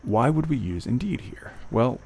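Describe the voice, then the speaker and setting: A man tutoring test prep, reading passages slowly and then reasoning aloud through each answer with fillers and restarts. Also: medium pitch, animated, a little mellow, breathy edge. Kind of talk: walkthrough of test questions, thinking aloud.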